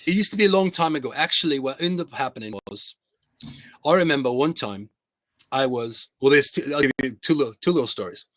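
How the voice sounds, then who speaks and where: Man, fake British accent, playful storyteller, bright forceful voice, dry close sound. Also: medium pitch, lively intonation, fairly quick, no room sound. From United States. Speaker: host. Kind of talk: casual live-stream chat.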